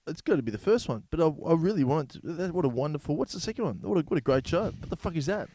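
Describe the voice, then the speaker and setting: Excitable male co-host, casual banter, dry sound. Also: on the high side, very fast, no room sound. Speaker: podcast co-host. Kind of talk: casual comedy chat.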